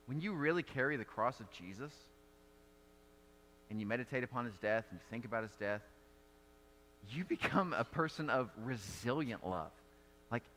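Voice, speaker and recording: Male pastor, conversational animated sermon, bright tone, echoing sanctuary. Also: mid-range voice, a little hiss or hum. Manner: conversational storytelling preacher, animated delivery. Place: church sanctuary.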